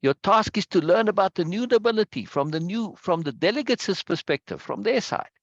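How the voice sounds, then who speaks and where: A man reading the lines of a deliberate, formal woman leader in a slow, measured way. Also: sits high, lively intonation, no room sound, muffled recording, pitched above the performer's own voice.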